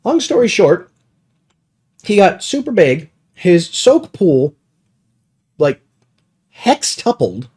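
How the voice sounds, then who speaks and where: Animated higher-voiced man telling game stories. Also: takes it slowly, pauses often, breathy edge. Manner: animated storyteller, laughing often. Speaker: podcast host. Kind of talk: casual chat.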